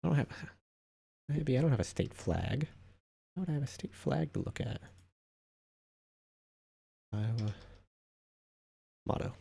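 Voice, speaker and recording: A man's voice: mid-range voice, expressive, a little slow, gravelly, long pauses, dark tone, breathy edge. A man hosting a casual live stream, rambling offhand through viewer comments with frequent asides. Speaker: livestream host.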